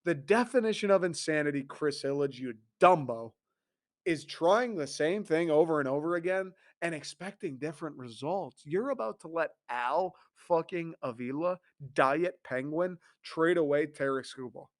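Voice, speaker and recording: A man's voice: a little high, normal speed, hardly any pauses. A young man, host of a sports talk show, ranting with profane exasperation and mocking laughs. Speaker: podcast host.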